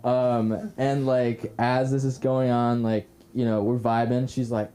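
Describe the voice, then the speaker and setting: A man's voice: medium pitch, level tone, unhurried, few pauses, warm tone, slight background noise. A young man telling a self-deprecating story at an open mic, rambling with many fillers and restarts. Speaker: stand-up comedian at open mic. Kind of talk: stand-up storytelling. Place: comedy club stage.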